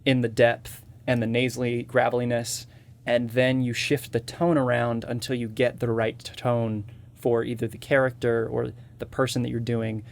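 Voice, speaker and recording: A man's voice: medium pitch, level tone, normal speed, vocal fry. A man with a slightly nasal voice, a voice actor and impressionist guest explaining his techniques step by step in casual interview chat.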